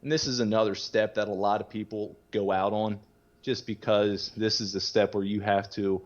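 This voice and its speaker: A man with a low-pitched voice talks openly in a relaxed, conversational way. He rambles, leans on fillers, and drops the odd curse word. The recording sounds dull and lo-fi. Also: normal speed. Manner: rambling, frequent "you know" fillers, casual swearing, laughs easily. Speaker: podcast guest sharing his recovery story. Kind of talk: casual candid conversation.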